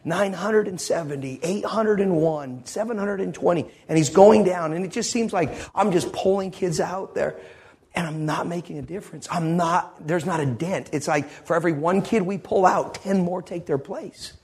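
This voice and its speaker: A man's voice: high-pitched, normal speed, a little mellow, breathy edge. A man preaching a sermon, telling a story with great passion. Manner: impassioned storytelling.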